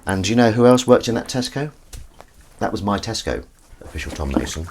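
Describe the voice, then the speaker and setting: A man's voice: on the low side, brisk, a little mellow. A man and actor chatting casually on a live stream while washing up, reading chat aloud and swearing now and then. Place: kitchen sink. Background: running tap water and dish clatter.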